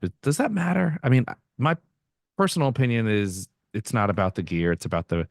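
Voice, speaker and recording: A man hosting a photography session, reading out audience questions in a relaxed, jokey way. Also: fairly low pitch, brisk, no room sound, clean studio sound. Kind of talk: casual moderation.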